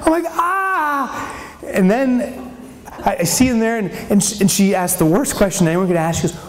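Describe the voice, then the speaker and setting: A man giving a humorous business keynote on stage, telling a story in an animated way and acting out scenes with shouts. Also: sits high, fairly quick. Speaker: keynote speaker. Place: on stage in a large venue. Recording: long hall reverb.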